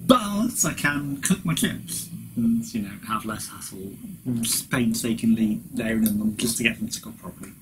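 A man's voice: medium pitch, normal speed, noisy background. A man chatting casually in a home product review vlog, rambling with lots of "you know" fillers. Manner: chewing while talking at times. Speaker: vlogger.

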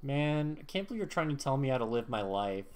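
A man's voice: medium pitch, big pitch swings, a little fast, a little mellow, smooth. A man in casual gaming banter with a friend, joking and defensive, laughing often. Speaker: gamer co-streaming.

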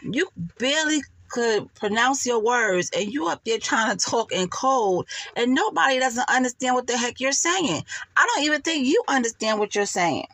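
A woman's voice: fairly high pitch, lively intonation, moderate pace, fairly bright tone, no room sound. A woman, giving sassy, laughing gossip commentary and calling her listeners honey and child. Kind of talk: casual commentary vlog.

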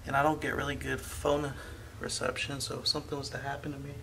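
A man's voice: mid-range voice, completely flat delivery, brisk, vocal fry, slight background noise, poor audio. Frightened man whispering in a haunted house. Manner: swings between hushed whispers and loud calling out. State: frightened, anxious. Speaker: paranormal vlogger. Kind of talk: ghost-hunting vlog. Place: old abandoned house, indoors.

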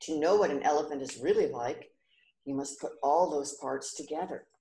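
A gentle, wise prince, read by a woman. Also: low-pitched, moderate pace, roomy sound. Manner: gentle, explaining patiently.

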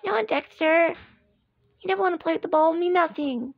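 A woman voicing her toys in a play-acting video, squeaky and bickering as she switches between characters. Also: normal speed, gravelly, no echo, narrow, tinny audio.

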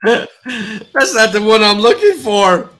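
A man's voice: high voice, big pitch swings, takes it slowly, fairly bright tone. A man in a casual chat who tells easygoing, self-deprecating stories.

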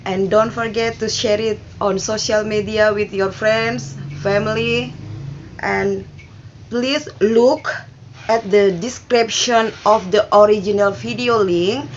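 Emotional Indonesian woman, slow halting English. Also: mid-range voice, lo-fi sound, background noise. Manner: halting non-native English, emotional and earnest. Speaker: reaction video host. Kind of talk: casual reaction commentary.

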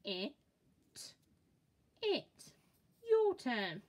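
A woman leads a phonics lesson for young children, stretching sounds out slowly and praising each attempt. Her voice sits a little high and swoops up and down with lively expression. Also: highs cut off. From England. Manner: slow, encouraging, exaggerated sound-by-sound modelling. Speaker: phonics teacher.

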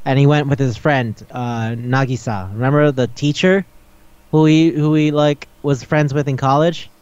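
A man's voice: medium pitch, steady tone, normal speed, darkish tone, clean tone, dry recording, muffled recording. A man co-hosting a podcast who chats casually, recaps stories with energy, acts out quotes and swears freely. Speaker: podcast co-host. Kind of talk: casual chat.

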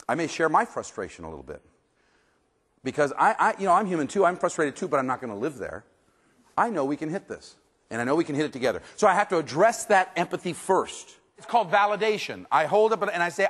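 Animated man lecturing in a hall. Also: fairly high pitch, fast talker. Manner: expressive, acts out scenes, jokes with the audience. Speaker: trainer. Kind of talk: animated seminar talk.

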